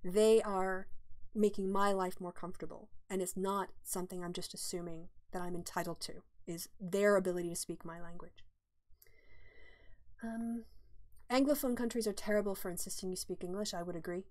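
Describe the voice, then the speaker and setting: A woman's voice: mid-range voice, steady tone, moderate pace, darkish tone. A middle-aged woman hosts a casual livestream from home and answers questions from the chat. She rambles and thinks aloud, with frequent ums and restarts. She speaks into a desktop microphone in a mid-range voice. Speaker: livestream host.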